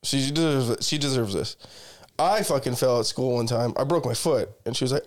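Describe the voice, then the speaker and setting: Profane, laughing man with a lively voice. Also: medium pitch, moderate pace, heavy background noise. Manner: profane, laughs through his stories. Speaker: podcast co-host. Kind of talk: casual chat.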